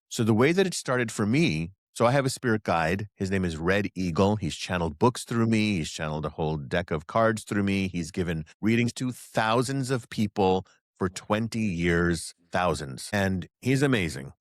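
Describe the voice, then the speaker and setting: In a clean studio recording with no room sound, a man with a lowish voice speaks at normal speed. He's a guest psychic channeler in a relaxed interview, telling lively stories and performing the voices of the people he quotes.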